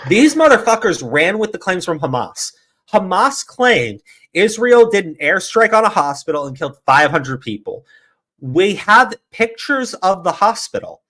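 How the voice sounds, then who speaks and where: A high-voiced man with a bright, sharp edge rants through heated political commentary. He swears constantly. He mocks his opponents in sarcastic put-on voices. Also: big pitch swings, normal speed. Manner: ranting, profane, mocking, with sarcastic put-on quotes. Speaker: podcast host.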